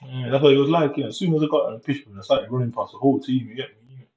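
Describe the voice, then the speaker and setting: A young man from Jamaica with a Jamaican accent, telling a long, rambling story in a casual, slangy way. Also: mid-range voice. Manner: rambling, slangy, loose and unhurried. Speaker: vlogger. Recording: echoey room, distant dull mic.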